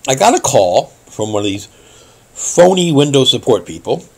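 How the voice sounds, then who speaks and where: Husky-voiced man on a lively rant. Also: medium pitch, normal speed. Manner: wry, indignant storytelling; earnest warning to viewers. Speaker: tech help show host. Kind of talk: ranting vlog monologue.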